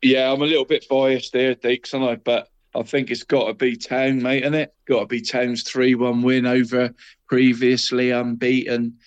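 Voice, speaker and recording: A man's voice: mid-range voice, level tone, normal speed, smooth, lo-fi sound. A man co-hosting a casual football podcast, chatty and calling his partner mate in every sentence. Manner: chatty, peppers talk with "mate" and the co-host's name. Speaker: co-host.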